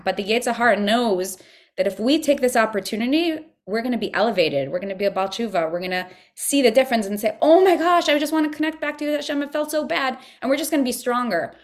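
A young adult woman hosting a podcast, giving an earnest spiritual teaching talk and acting out pleading voices. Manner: earnest, acts out pleading voices in higher pitch. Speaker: podcast host.

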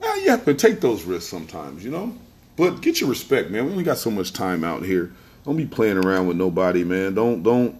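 Emphatic man, lively low voice. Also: fairly quick. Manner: emphatic, repeats phrases, addresses listeners directly. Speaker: podcast host. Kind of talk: casual storytelling monologue.

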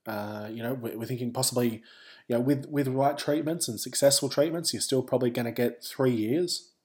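A man's voice: mid-range voice, fairly quick, a little mellow. A man with an Australian accent, a podcast host telling a personal story in a candid, wry way with wandering asides.

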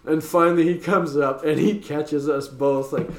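Animated young man telling stoner stories in an echoey room. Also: fairly high pitch, normal speed. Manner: swearing, animated, laughs mid-story. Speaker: podcast co-host. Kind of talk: casual storytelling chat.

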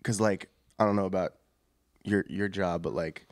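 A man's voice: sits low, fairly even intonation, normal speed, dry recording. A young man, a band frontman guesting on a podcast, chatting casually and rambling with lots of fillers. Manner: laid-back, rambling with many fillers. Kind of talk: casual chat.

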